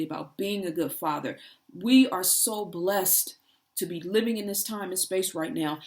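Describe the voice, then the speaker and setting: A woman giving an earnest inspirational talk, building through repeated rhetorical questions. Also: on the low side. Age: adult parent. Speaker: spiritual speaker. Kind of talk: inspirational monologue.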